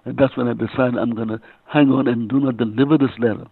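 An older man, a reverend and author being interviewed, who talks haltingly and often repeats his words. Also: mid-range voice, fairly even intonation, creaky, slightly rough, dry recording. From Bahamas. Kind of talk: casual interview storytelling. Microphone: phone. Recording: tinny phone line.

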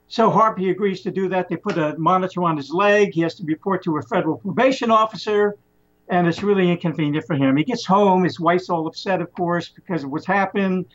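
A man casually retelling a story plot in a rambling, animated way, often restarting his sentences. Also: high-pitched, fairly quick. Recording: muffled lo-fi recording.

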